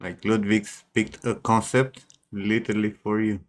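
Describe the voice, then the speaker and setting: A man on a livestream with a somewhat low voice. He chats casually and jokes bluntly. Swear words come out freely. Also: level tone, unhurried. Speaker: streamer.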